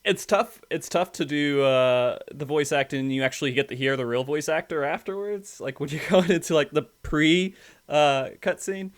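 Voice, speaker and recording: A man's voice: fairly high pitch, moderate pace. A man hosting a casual gaming podcast, asking easygoing questions and laughing along with his guest. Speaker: podcast host.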